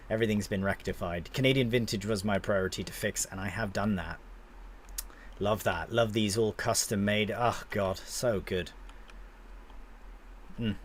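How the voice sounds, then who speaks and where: A young man with a lowish voice casually commentates his gameplay on a live stream, chatting with viewers and swearing now and then.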